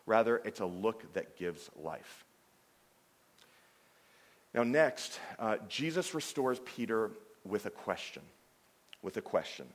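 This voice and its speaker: A man preaching a sermon, animated and conversational, with frequent restarts and "I mean" fillers. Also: on the low side. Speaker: pastor. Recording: long hall reverb.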